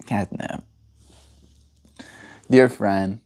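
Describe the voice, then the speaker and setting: A man's voice: mid-range voice, measured pace, a little mellow. A man from South Africa chatting casually on a livestream, rambling and answering chat messages aloud.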